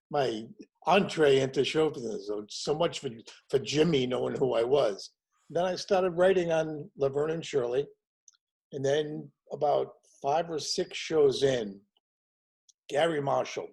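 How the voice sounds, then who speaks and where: A man in his sixties, a comedian guest telling his show business stories in a lively way and acting out the people he quotes. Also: medium pitch, slightly rough, low-quality recording. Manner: animated storyteller acting out quotes in other voices. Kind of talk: casual storytelling chat.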